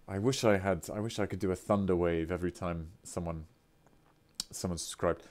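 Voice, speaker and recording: A British man with a fairly low voice chats live with his stream audience. He is excitable and playful, reading out viewer messages and breaking into grand, theatrical exclamations. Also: normal speed. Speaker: voice actor streaming a game.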